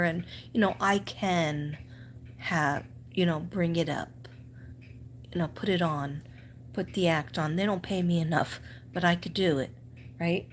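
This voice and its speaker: A woman's voice: fairly low pitch, steady tone, unhurried, a little hiss or hum. A middle-aged woman with a strong Staten Island New York accent, chatting on a live stream, telling stories full of fillers and asides. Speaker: teacher and live-stream host. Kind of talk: casual live-stream chat.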